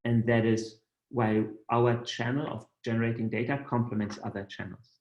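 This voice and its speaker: A man's voice: mid-range voice, fairly even intonation, moderate pace, a little mellow. A man leading a project, speaking earnestly on a webinar with many fillers. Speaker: project lead. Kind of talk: webinar presentation. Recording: dull, echoey call audio.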